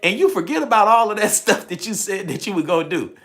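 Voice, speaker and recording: On his spiritual livestream, this man talks fast in a high, expressive voice with a fairly bright tone. He jokes around with his viewers, laughing a lot and performing quoted voices.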